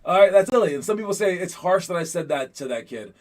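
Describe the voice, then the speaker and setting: A man coaching young basketball players in a casual pep talk, energetic and rambling, often checking in with "all right?". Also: sits high, fast talker. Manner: rambling, repeats words while thinking.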